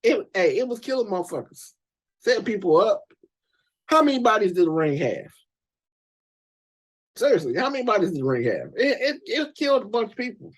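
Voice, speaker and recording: A man hosting a reaction channel, ranting casually about movie characters in a profane, emphatic, animated way. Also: sits high, a little fast, pauses often.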